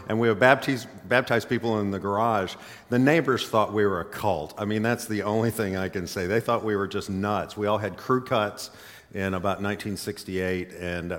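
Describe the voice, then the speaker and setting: A middle-aged man from Mississippi with a faint Southern accent, preaching as a guest in a church in a folksy, chatty way full of "uh" fillers. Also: lowish voice. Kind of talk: sermon. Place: church sanctuary. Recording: echoey church hall.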